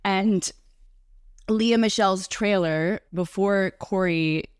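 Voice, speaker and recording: A woman's voice: medium pitch, takes it slowly, clean tone, dry recording, studio quality. A woman from the New York area, a breathwork and Reiki facilitator, chatting enthusiastically as a guest in a casual interview.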